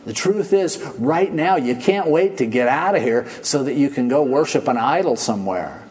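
A man's voice: mid-range voice, lively intonation, moderate pace, a little mellow, close to an everyday voice. A man voicing the leader Joshua as a stern, blunt elder warning his people.

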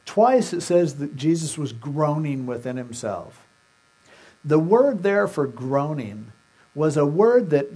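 A man's voice: on the high side, dark tone. A male pastor preaching a sermon, retelling scripture conversationally and acting out the characters' words.

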